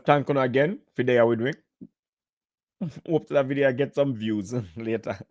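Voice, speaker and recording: A man's voice: mid-range voice, a little slow, pauses often, darkish tone, dry recording, studio quality. A man from Jamaica with a Jamaican accent, chatting casually and jokingly in patois on a live stream. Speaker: podcast guest.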